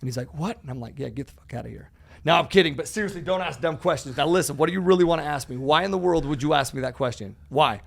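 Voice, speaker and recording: Racing along with hardly a pause, the real estate educator's slightly high, creaky voice fills his podcast guest spot. He tells stories animatedly, plays out both sides of conversations, drops "dude" constantly and curses freely.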